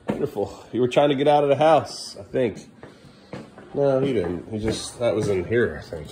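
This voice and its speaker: A father in his thirties films a casual family vlog at home, playfully teasing, coaxing and praising his young kids. His voice is mid-range and warm, with a little hiss or hum in the recording.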